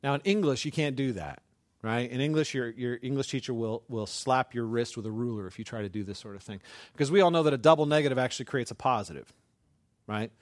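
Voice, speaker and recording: A middle-aged male pastor preaching a sermon with passion, building to near-shouts and often restarting his sentences. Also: mid-range voice, fast, no room sound, studio quality.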